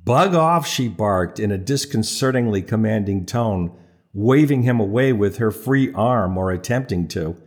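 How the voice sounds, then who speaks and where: A man's voice: fairly low pitch, normal speed, darkish tone. Wry male audiobook narrator. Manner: wry, playful storytelling. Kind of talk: scripted narration.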